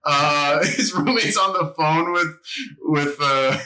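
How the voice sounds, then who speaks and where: A young man hosts a casual podcast and tells a rambling story, often breaking into laughter. His voice is bright and sits a bit high. The room gives it a noticeable echo. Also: slow pace. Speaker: podcast host. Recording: echoey room.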